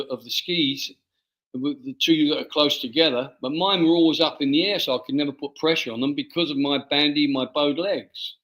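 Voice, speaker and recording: A man, an author being interviewed, telling a personal story in a halting way and often repeating his words. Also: on the high side, fairly bright tone, low-quality recording. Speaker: author guest.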